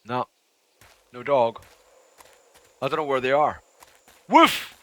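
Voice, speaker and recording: A man streaming a survival game live, commenting excitably, swearing often and yelping when startled. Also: mid-range voice, unhurried, dry recording.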